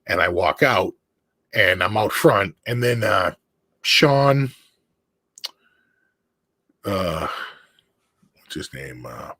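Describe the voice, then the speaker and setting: A man chatting as a guest on a video call, telling an animated anecdote and acting out the voices in it. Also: deep voice, extremely slow, long pauses, breathy edge, dry recording. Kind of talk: casual storytelling chat.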